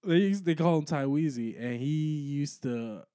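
A young man co-hosting a casual comedic podcast who laughs often and breaks into incredulous, high-pitched outbursts. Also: unhurried, warm tone, clean tone, no echo, studio quality. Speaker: podcast co-host.

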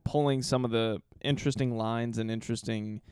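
A man's voice: mid-range voice, steady tone, a little fast, a little mellow, clean tone, no echo, clean studio sound. A man co-hosting a podcast, retelling a play in a loose, swearing, laughing way with plenty of ums. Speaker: podcast co-host telling the story. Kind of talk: casual chat.

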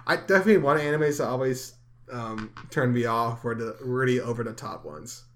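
A young man with a bright, forceful voice riffing in casual podcast banter. He is sarcastic and crude, swears freely, and laughs loudly at his own jokes. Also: mid-range voice, expressive, brisk. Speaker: podcast co-host. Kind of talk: casual chat.

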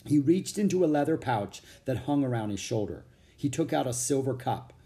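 Expressive male audiobook narrator. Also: mid-range voice, moderate pace. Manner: expressive, animated storytelling. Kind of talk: children's book read aloud.

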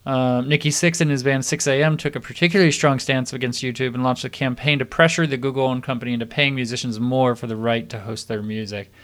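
A man with a middle-pitched voice hosting a music podcast. He reads news items with halting fillers and restarts. His delivery stays easygoing and conversational. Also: fairly even intonation, a bit bright. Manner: reads stories with hesitant fillers. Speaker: podcast host. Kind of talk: casual chat and reading news.

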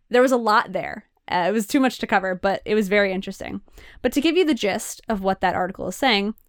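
A woman's voice: medium pitch, smooth, dry recording, studio quality. A woman co-hosting a casual chat, patiently explaining with a giggly, loose manner and lots of "like". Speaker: podcast co-host.

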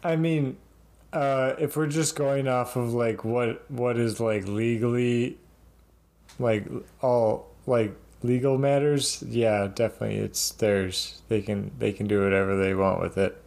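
A man on a casual podcast, laid-back and jokey, speaking in halting, unhurried phrases. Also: medium pitch, fairly even intonation, gravelly, a little mellow. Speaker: podcast co-host.

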